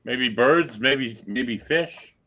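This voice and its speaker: A man's voice: medium pitch, very slow, dull audio. A man co-hosting a podcast who chats casually and teases in a dry way. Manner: dry, teasing. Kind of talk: casual chat.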